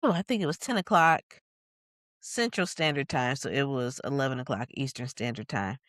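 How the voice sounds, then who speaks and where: A podcast co-host from Michigan telling a personal story in a reflective way, with many fillers and quick bursts of narration. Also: mid-range voice, expressive, fairly bright tone, dry recording.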